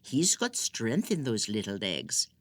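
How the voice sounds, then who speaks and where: The audiobook reader voicing a calm, affectionate adult man who speaks softly. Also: mid-range voice, a little slow, no echo. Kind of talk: audiobook character voice.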